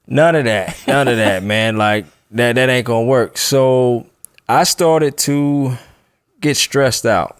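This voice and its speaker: A man in a relaxed podcast chat, telling a story in a loose, easygoing way and laughing often. His voice sits at a middle pitch and sounds dry and close, with no room around it. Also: slow pace, clean tone, no echo. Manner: laid-back, laughs while telling a story. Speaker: podcast co-host.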